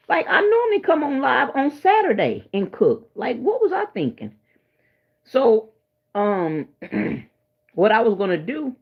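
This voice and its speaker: A woman hosting her own livestream, chatting to viewers in a rambling, emotional way after a sleepless night. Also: mid-range voice. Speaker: livestream host. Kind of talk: casual livestream chat. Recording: dull lo-fi stream audio.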